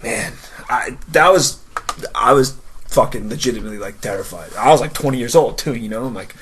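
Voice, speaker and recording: A man's voice: lively intonation, fairly quick, fairly bright tone, husky. A young man telling stories in a casual podcast chat, swearing freely and dropping to a mutter for asides. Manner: storytelling, swearing, drops to a low mutter for asides. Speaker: podcast co-host.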